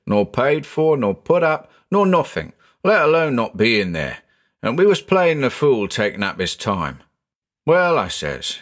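Guy doing a rambly working-class tram conductor, lively up and down voice. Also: mid-range voice, lightly acted. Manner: rambling, dialect-heavy storytelling.

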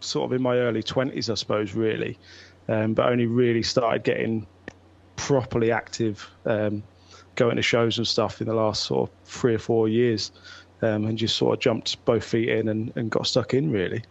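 A man's voice: fairly low pitch, flat delivery, normal speed, gravelly, muffled recording. A man in his thirties with a North London accent, chatting easily as a podcast guest and telling stories. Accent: North London English. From England. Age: 30s. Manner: easygoing, chatty storyteller. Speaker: guest listener. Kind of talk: casual podcast chat.

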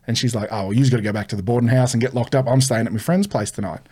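A man's voice: racing, breathy edge. Swearing man telling a story. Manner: animated, swearing storyteller, quotes people in lowered voices. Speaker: comedian guest. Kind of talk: casual storytelling.

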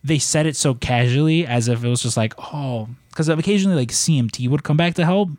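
A man's voice: on the high side, a little fast, darkish tone, no room sound, studio quality. A man co-hosting a podcast, talking casually with lots of fillers and long run-on intros. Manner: rambling, filler-heavy intros. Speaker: podcast co-host.

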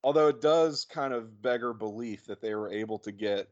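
A man's voice: mid-range voice, moderate pace, darkish tone. A man co-hosting a podcast, chatting casually about a movie, rambling with playful asides. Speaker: podcast co-host. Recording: dull lo-fi audio.

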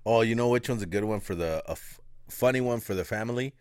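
A man's voice: on the low side, fast, darkish tone, clear, resonant tone, no echo, clean studio sound. A man co-hosting a casual movie podcast, swearing and laughing while animatedly recounting comedy scenes. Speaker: podcast co-host.

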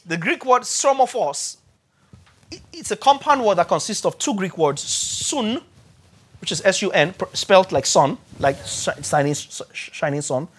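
A man preaching a sermon, repeating key words for emphasis and spelling out terms slowly. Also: high voice, animated, fairly bright tone, breathy edge.

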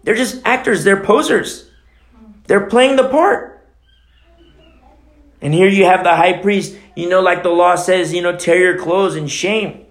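A man preaching an expository sermon in a blunt, impassioned way, dropping to a hush and then rising to loud outbursts. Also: high-pitched, unhurried, pauses often. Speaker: pastor.

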